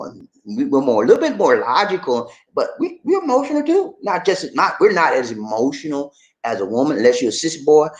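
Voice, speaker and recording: A middle-aged American man hosting a casual talk, jokey and animated, often jumping into a high excited voice. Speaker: channel host.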